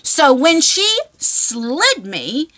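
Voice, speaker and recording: A middle-aged woman casually telling a long personal story, rambling and animated, full of fillers and checks like "okay?". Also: high voice, very slow.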